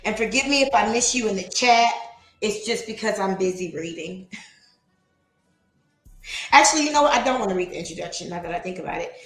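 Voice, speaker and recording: A woman talks casually to a livestream audience, laughing often and slowing down to read old poetry with care. Her voice sits at a middling pitch. The recording carries a roomy echo. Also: lively intonation, a bit bright, faint music behind. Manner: chatty, laughs often, reads poetry slowly. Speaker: livestream host reading aloud. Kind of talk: casual livestream reading and chat.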